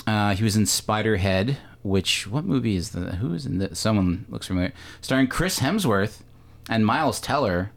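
A man's voice: fairly low pitch, lively intonation, normal speed, creaky. A Canadian man hosting a podcast, chatting casually about a film with lots of fillers and self-corrections. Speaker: podcast host. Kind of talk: casual movie discussion.

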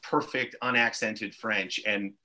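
A Montreal actor and father of three, appearing as a podcast guest, spins long, tangential stories in casual conversation and swears freely. His voice is on the low side, steady, slow, and pushed and bright.

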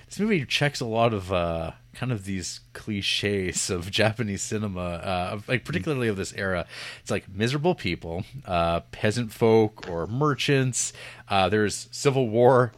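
A man's voice: fairly low pitch, dry recording. A man hosting a casual film review podcast, rambling and joking as he sums up the story. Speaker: podcast host.

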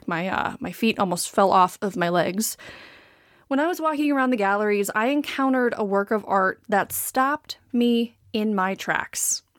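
A woman's voice: medium pitch, dry recording, clean studio sound. A woman hosting a podcast about art, talking in a playful, self-mocking, chatty way. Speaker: podcast host. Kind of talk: casual chat.

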